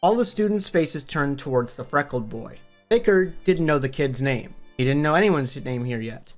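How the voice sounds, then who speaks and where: A man's voice: fairly high pitch, animated, moderate pace, faint music behind. Upbeat man summarizing a book. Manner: upbeat, conversational, swears casually. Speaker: book review YouTuber. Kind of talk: casual book summary narration.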